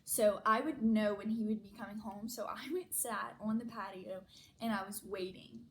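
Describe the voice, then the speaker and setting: A woman's voice: mid-range voice, moderate pace, a little hiss or hum, low-quality recording. A young woman vlogger telling a story in a casual, chatty way, full of "like" fillers. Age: young adult. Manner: chatty, many "like" fillers, animated retelling.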